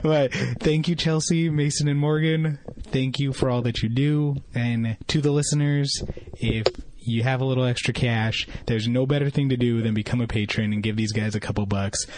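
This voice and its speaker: A man's voice: mid-range voice, steady tone, normal speed, a little mellow, slight background noise. A man sending a recorded message of thanks to a podcast, earnest and a little choked up. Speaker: listener leaving a voicemail.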